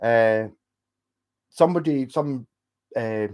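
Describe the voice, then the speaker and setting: A man's voice: mid-range voice, slow pace, a little mellow. A drunk man with a Scottish accent, hosting a casual late-night livestream, rambling and swearing as he rants to viewers. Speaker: livestream host.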